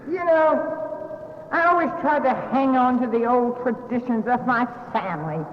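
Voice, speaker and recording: An older Southern woman tells her story with wry, self-mocking humor. Her voice sits high. It rings through a large echoey hall on a dull, muffled old recording. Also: moderate pace, slight background noise. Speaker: speaker sharing her recovery story. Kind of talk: storytelling talk to an audience.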